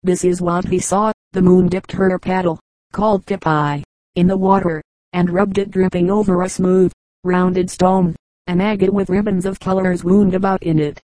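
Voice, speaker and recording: Calm, even-voiced woman reading folk tales. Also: on the low side, normal speed, dry recording, low-quality recording. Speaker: audiobook reader. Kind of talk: scripted narration of folk tales.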